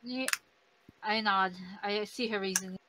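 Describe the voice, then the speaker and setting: A woman playing a tabletop game, speaking in a hesitant, halting way with many fillers. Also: medium pitch, steady tone, background noise. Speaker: player. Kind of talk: casual game talk.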